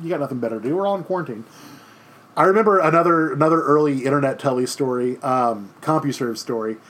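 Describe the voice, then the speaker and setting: A man in his thirties giving a conversational history lecture from home, rambling and restarting with lots of fillers. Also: fairly high pitch. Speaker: teacher. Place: home during quarantine.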